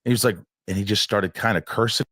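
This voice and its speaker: A man's voice: lowish voice, quick pace, fairly bright tone, husky, no echo, studio quality. A man telling a personal story in an interview, rambling and restarting often as he acts out what people said.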